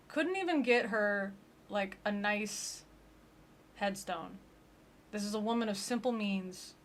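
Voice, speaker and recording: A woman's voice: medium pitch, takes it slowly, pauses often. A woman giving sarcastic, incredulous comedic commentary on a gospel tract.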